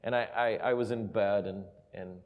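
A man preaching a sermon and telling a personal story, moving from quiet, intimate asides to loud, emphatic peaks. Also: lowish voice, steady tone, moderate pace, phone-quality sound. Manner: emotional, builds from soft asides to loud emphasis. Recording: reverberant hall.

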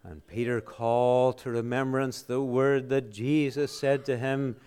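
A man preaching a sermon, asking rhetorical questions and answering them emphatically, swinging between loud exclamations and hushed, solemn lines. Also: mid-range voice, flat delivery, a little slow, few pauses, clean tone.

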